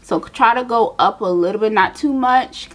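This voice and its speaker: A young woman vlogger chatting casually to her viewers, telling a personal story while doing her makeup, animated and direct. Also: a little high, moderate pace. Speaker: beauty vlogger.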